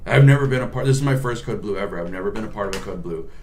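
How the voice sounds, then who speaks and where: A man's voice: on the low side, animated, very fast, a little mellow, slight background noise. A man, a nurse, telling a work story in a profane, rambling, casual vlog style.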